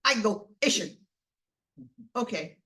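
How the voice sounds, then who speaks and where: A woman's voice: fairly high pitch, animated, bright, forceful tone. Older woman spinning a folksy tale. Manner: folksy, unhurried. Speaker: storyteller. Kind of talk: tall tale told over a video call. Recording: distant mic.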